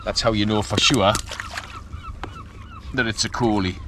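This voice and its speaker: A man, chatting excitedly to the camera from his kayak while fishing at sea, often laughing. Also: fairly low pitch, a little slow, noisy background. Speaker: kayak angler filming his fishing trip. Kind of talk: casual vlog commentary. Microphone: action camera mic.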